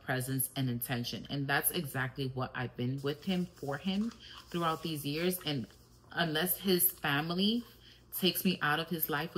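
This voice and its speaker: A woman's voice: sits low, a bit bright, breathy edge, low-quality recording. A middle-aged woman hosting a podcast, candidly and reflectively telling personal stories in a casual, filler-filled monologue. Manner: switches briefly into Spanish. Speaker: podcast host.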